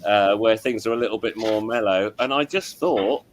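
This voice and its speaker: A man's voice: lowish voice, normal speed, slight background noise. A middle-aged man, hosting a casual chat as an audio engineer, rambling and apologetic with many restarts. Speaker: show host and audio engineer.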